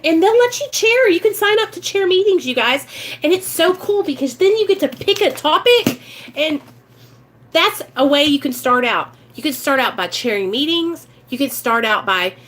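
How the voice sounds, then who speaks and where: Her voice sits high with a fairly bright tone as this recovery vlogger, who has a Midwestern American accent, chats casually on a livestream. She speaks to her viewers about recovery in an earnest, emotional way.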